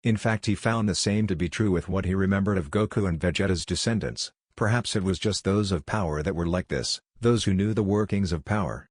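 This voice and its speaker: A man narrating a fan fiction story in a flat, even reading voice. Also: low-pitched, brisk, hardly any pauses, breathy edge, dry recording, studio quality.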